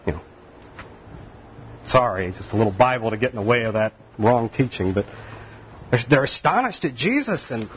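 A man's voice: medium pitch, sing-song, moderate pace, dull audio, slight background noise. Folksy man preaching a sermon. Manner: folksy, laughs often, acts out quoted voices. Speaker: pastor.

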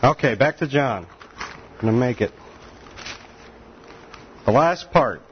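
A man's voice: mid-range voice, expressive, slow pace, dull audio, a little hiss or hum. A man preaching a sermon in a folksy, joking way, often laughing and acting out the voices of the people he quotes. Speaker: pastor.

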